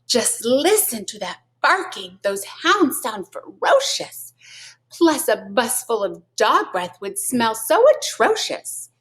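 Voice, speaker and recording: Lady doing a bossy mama cat, theatrical and emphatic, slow and drawn out. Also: fairly high pitch, sing-song, fairly bright tone, pitched above the performer's own voice, heavily acted. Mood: dramatic. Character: bossy dramatic mother cat.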